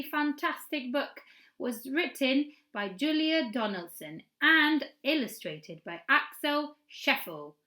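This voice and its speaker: A woman's voice: mid-range voice, pushed and bright. A woman presenting a children's story time, teaching signs for the story in a playful, encouraging, sing-song way.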